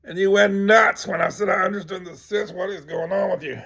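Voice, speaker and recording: A man's voice: high-pitched, steady tone, brisk, gravelly, pushed and bright, breathy edge, voice pushed up, full character voice. A man voicing a bewildered scholar abbot. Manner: urgent, questioning. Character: startled male scholar abbot, bewildered and pleading.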